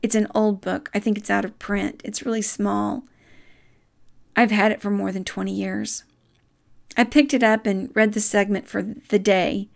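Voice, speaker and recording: Earnest middle-aged woman, slow and soft. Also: medium pitch, level tone, creaky. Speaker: speaker giving a devotional. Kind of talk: reflective devotional talk.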